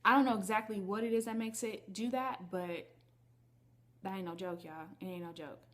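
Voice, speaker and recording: A woman's voice: medium pitch, normal speed, a bit bright. A woman vlogger telling a personal story to her viewers in a candid, chatty way. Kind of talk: casual storytelling to camera.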